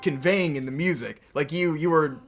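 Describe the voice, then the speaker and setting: High-voiced young man ranting. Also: normal speed, soft background music. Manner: heavy swearing, animated and exasperated. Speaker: podcast co-host. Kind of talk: casual storytelling rant.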